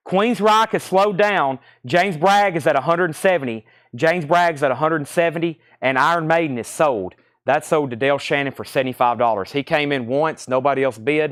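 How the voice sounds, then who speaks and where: A man's voice: fairly high pitch, a bit bright, no room sound, studio quality. A man with a Tennessee Southern accent, hosting a live-streamed record sale and rattling off bids and prices, often repeating himself. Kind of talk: live-stream auction selling.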